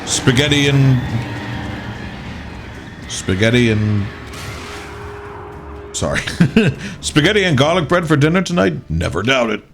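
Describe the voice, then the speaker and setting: A man's voice: on the high side, slow pace, long pauses, noisy background. A man streaming live, joking sarcastically with his chat and the game characters as he plays. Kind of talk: live gaming commentary.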